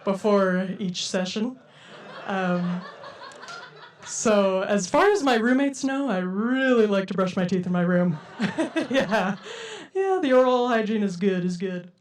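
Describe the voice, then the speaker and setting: A young woman performs a stand-up set before a live crowd. She has a playful, giggly delivery and breaks into laughs often. Her voice sits at a middling pitch and sounds a little distant from the mic. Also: lively intonation, measured pace. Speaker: stand-up comedian. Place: comedy stage before a live audience.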